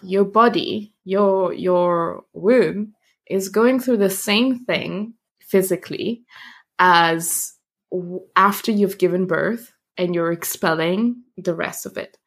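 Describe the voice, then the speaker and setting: A woman's voice: on the low side, takes it slowly. A woman from Italy, a guest on a podcast, explaining her points in an earnest, conversational way. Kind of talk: casual conversational interview.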